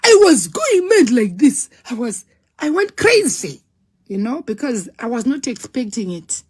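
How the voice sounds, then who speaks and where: A woman telling her own story in a dramatic, animated way, acting out scenes with sound words. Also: fairly high pitch, measured pace, slightly rough. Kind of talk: personal storytelling.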